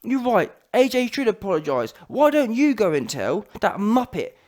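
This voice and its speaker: A man's voice: high-pitched, sing-song, moderate pace, darkish tone. A man ranting in a heated, slangy, mocking way as a boxing commentary vlogger.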